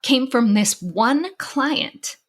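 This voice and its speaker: A woman's voice: high-pitched, expressive, extremely slow. A middle-aged woman podcast host and psychologist, telling a personal story in conversation, candid and emotional with many restarts, crying at times.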